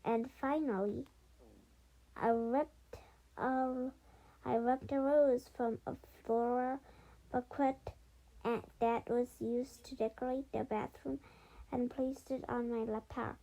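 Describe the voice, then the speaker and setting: A woman reads a children's chapter book aloud at a slow, careful pace. Her voice is mellow and sits a little high, and she stumbles over words and goes back to fix them. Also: fairly even intonation, rough recording. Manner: halting reading with frequent slips and self-corrections. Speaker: storybook reader.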